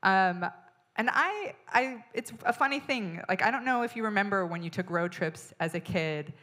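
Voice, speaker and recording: A woman comedian from the United States telling a story on stage in an animated, exasperated way, acting out the people in it. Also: medium pitch, normal speed. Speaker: stand-up comedian. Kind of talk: stand-up storytelling. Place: stage in front of an audience.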